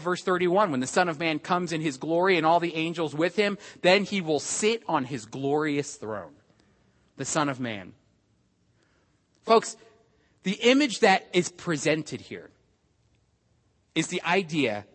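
A man's voice: high-pitched, fairly bright tone, big-room sound. A man preaching a sermon with emphatic delivery and rhetorical questions, speaking to his congregation. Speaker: pastor.

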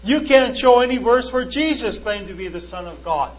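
A man's voice: very high-pitched, expressive, moderate pace, low-quality recording. A man preaching in sermon style, earnestly recounting a debate and reading old-fashioned scripture verses aloud with emphasis.

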